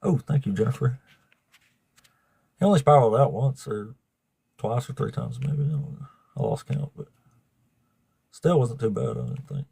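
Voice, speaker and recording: A man's voice: medium pitch, creaky, slightly rough, dry recording. A man hosting a livestream of debates, chatting casually with viewers, swearing freely and laughing often. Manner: profane, laughing, talks to chat.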